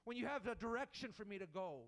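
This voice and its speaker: Man preacher, high voice, earnest, repeats himself, sermon. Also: expressive, fast talker, fairly bright tone. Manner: earnest, repeats words and restarts while building a point.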